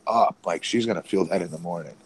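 A man's voice: deep voice, fast, slight background noise, rough recording. A man co-hosting a wrestling podcast, talking casually and rambling with many restarts. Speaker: podcast co-host, former independent wrestler.

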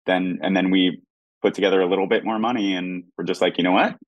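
A man's voice: deep voice, little pitch movement, fast talker, no echo, highs cut off. A man, an actor and producer, chatting animatedly as a guest, with lots of restarts. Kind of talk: casual interview chat.

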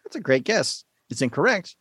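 A man hosting a casual podcast quiz, playful and quick to laugh. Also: a little high, slightly rough, no echo. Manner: playful, laughs often, lively delivery. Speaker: quiz show host.

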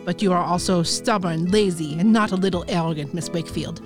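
A woman voicing a gruff, strict male dance teacher with a mixed, put-on European accent, reading from a book on a podcast. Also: on the low side, a little fast, music in the background, lightly acted.

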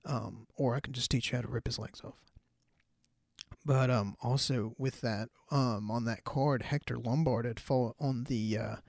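A man's voice: mid-range voice, steady tone, moderate pace, vocal fry, darkish tone, dry recording, studio quality. Loose, profane man hosting a podcast. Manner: loose, profane, chatty with many fillers. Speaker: podcast host. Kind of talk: casual solo podcast rant.

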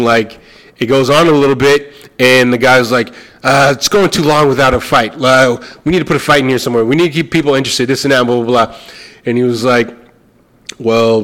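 A young adult man telling a story in casual chat, animated and swearing, acting out the other people's lines. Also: mid-range voice.

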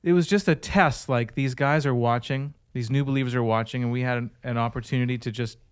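Smooth-voiced guy hosting a podcast, tells stories, laughs a lot. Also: medium pitch, fairly quick. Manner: animated storyteller, laughing often. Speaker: podcast host. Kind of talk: casual chat.

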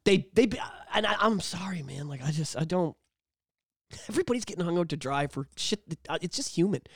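A Canadian podcast host talks a little fast in clean studio sound with no room noise. In animated casual chat he swears freely and acts out quotes in high voices.

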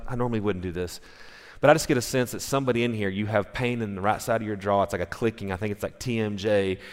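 A male pastor giving a sermon, telling stories in a conversational, animated way, with restarts and acted-out quotes. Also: on the low side. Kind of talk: sermon storytelling. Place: church sanctuary. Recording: long reverb in a large hall.

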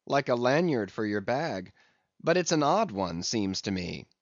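A man's voice: mid-range voice, sing-song, a little slow, dry recording. A man reading aloud, voicing a plain, curious male shipmate asking questions. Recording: dull lo-fi audiobook recording.

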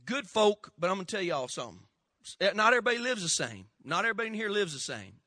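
A man preaches in a folksy, storytelling way and keeps calling on the congregation to answer. His voice sits high and rings bright and sharp. The sound is close and dry. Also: sing-song, fast talker, dry recording. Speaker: pastor. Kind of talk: sermon.

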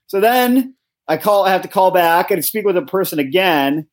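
A man's voice: high-pitched, animated, normal speed. A man on a podcast telling a long, rambling story with frequent swearing and disbelief. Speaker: podcast co-host. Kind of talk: casual chat.

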